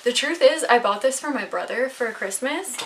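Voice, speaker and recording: A young adult woman showing off her recent purchases in a casual vlog at home, chatty and excitable, a little out of breath. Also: sits high, moderate pace, noisy background. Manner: chatty, excitable, rambling with fillers. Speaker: vlogger. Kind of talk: casual show-and-tell haul video. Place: home, indoors.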